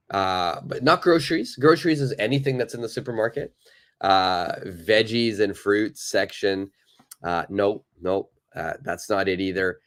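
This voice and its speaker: A man teaching a live online English lesson, chatting loosely with many fillers and reading from the chat. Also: lowish voice.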